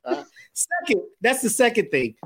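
A man co-hosting a casual podcast, talking loosely and profanely. He acts out scenes in quick put-on voices, and his pitch swings widely from line to line. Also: huge pitch swings, fairly bright tone. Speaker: podcast co-host. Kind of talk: casual chat.

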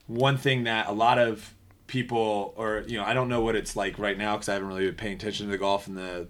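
Animated man hosting a sports podcast. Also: on the low side. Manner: animated, steers the topic, quick asides. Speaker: podcast host. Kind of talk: casual sports chat.

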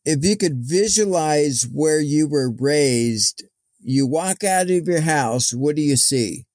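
A man's voice: fairly high pitch, animated, takes it slowly, darkish tone. A man hosting a podcast and interviewing a friend in a casual, upbeat way with light chuckles. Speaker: podcast host.

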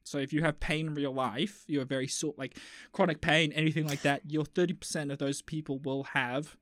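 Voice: medium pitch, fairly even intonation, fairly quick, a bit bright, dry recording, clean studio sound. A co-host in casual chat who teases the other speaker and explains what was looked up. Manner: teasing, joking, then explains facts plainly.

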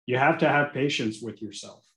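Speaking at a normal speed with a medium pitch, a man in his forties appears as an attorney guest on a podcast, candid and earnest, getting animated and sometimes swearing. His voice bounces around an echoey room.

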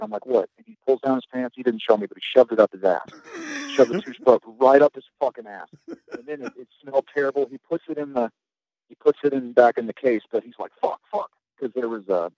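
A navy veteran appears as a podcast guest, telling rambling, profane stories about his navy days and often restarting sentences. His mid-range voice is dark, on a dry recording with the highs cut off.

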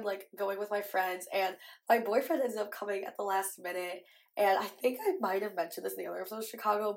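Fast-talking young woman, chatty. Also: medium pitch, creaky. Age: young adult. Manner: chatty storytelling, heavy use of "like". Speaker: podcast host. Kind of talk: casual chat.

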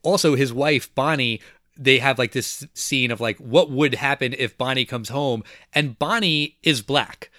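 Man, casual film talk, relaxed plot recap, dry close recording. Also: mid-range voice, measured pace, dry recording.

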